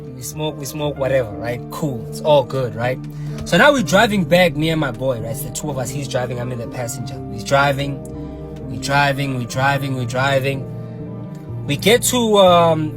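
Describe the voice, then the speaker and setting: Man, casual storytime, animated slangy delivery, loud music in the background. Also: mid-range voice. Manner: animated, slangy, repetitive, swears often.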